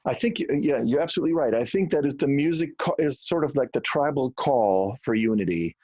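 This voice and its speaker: Man, 60s, mild German accent, earnest reflective guest, medium pitch, dry close sound. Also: lively intonation, brisk, a little mellow, breathy edge, no echo. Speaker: guest musician. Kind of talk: conversational interview.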